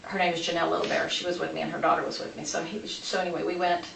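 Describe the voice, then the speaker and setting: A woman with a fairly low, gravelly, fairly bright voice speaks very fast with little pitch movement. As an interviewee in an interview room, she tells police what happened, talkative and rambling, changing tack mid-story. The room is echoey, the mic distant, with light noise.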